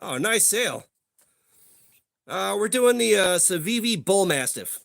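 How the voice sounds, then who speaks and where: A man's voice: high-pitched, sing-song, a little slow, vocal fry, fairly bright tone, dry recording, studio quality. A young man hosting a casual livestream, rambling profanely and greeting viewers in chat by name. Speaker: livestream host.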